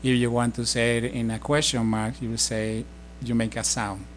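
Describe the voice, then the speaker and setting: A middle-aged man giving a casual spoken language lesson, explaining slowly with many fillers and restarts. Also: mid-range voice, little pitch movement, slight background noise. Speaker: language teacher.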